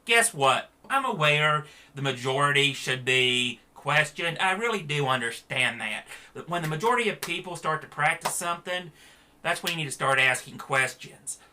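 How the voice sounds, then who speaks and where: A man's voice: on the high side, normal speed, sharp tone, slight background noise. A man giving a blunt, sarcastic opinion rant to the camera as a vlogger.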